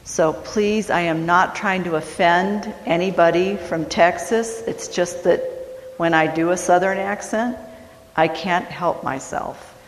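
A woman's voice: lowish voice, a little slow, long reverb tail, a little hiss or hum, poor audio. A woman pastor from West Virginia preaching a sermon, folksy and self-deprecating, telling a story. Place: church sanctuary.

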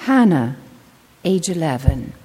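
An older woman pastor preaching a sermon, telling stories earnestly and slowing down to stress her points. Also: sits low, sing-song, dark tone, slightly rough. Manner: earnest storytelling, slowing for emphasis. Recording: long reverb of a large hall.

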